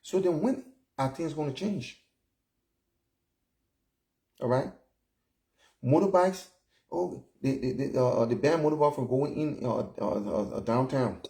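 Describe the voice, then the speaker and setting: This man in his fifties from Liberia vlogs his opinions casually in Liberian English, his mid-range voice warm and unhurried with frequent pauses. He talks bluntly and chattily, repeatedly asking "all right?" and "you know?".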